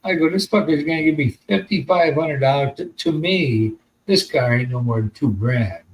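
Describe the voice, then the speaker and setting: A man's voice: on the high side, moderate pace, a little hiss or hum, poor audio. An American man telling a long, rambling story in casual podcast chat, with plenty of swearing. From United States. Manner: rambling, profane, laid-back. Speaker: podcast host.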